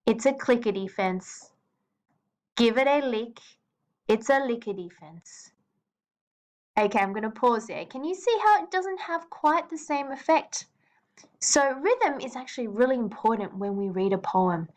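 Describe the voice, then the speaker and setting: Upbeat higher-voiced woman teaching. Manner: clear instructive teacher voice, reads poems aloud with shifting rhythm. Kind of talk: recorded poetry lesson for students.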